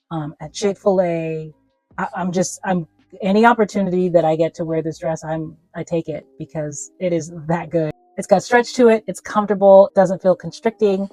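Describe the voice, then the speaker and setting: A woman's voice: on the low side, a little mellow, dry recording, rough recording. A woman talking casually as a fashion vlogger, chatty and emphatic in a playful way. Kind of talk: casual product review.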